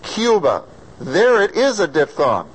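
A man's voice: fairly high pitch, expressive, unhurried, rough recording. A man with an American accent teaching a class about vowel sounds, patiently sounding out vowels and asking his students questions. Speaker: singing or diction teacher.

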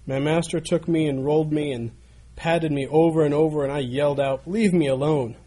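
A man's voice: a little high, fairly even intonation, fairly quick, dark tone, natural voice. A man voicing a talking teacup that tells how it suffered in the potter's hands, pleading and crying out.

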